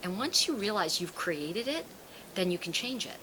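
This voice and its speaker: Talking to an audience in a relaxed way, this tarot card reader and teacher speaks at a moderate pace with medium pitch. She performs the quoted voices as an animated storyteller; the low-quality recording has slight background noise.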